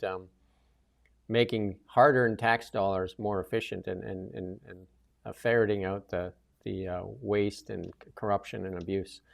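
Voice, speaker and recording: A man's voice: fairly low pitch, creaky. A man hosting a casual political talk show, rambling with many restarts and fillers. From Canada. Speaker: host.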